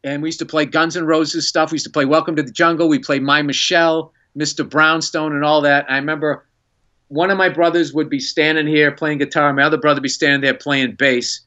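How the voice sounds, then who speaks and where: Excitable man telling a wild story. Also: on the high side, a little fast, dull audio. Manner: animated, excitable storyteller who acts out quotes. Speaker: guest comedian. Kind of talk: casual storytelling on a podcast.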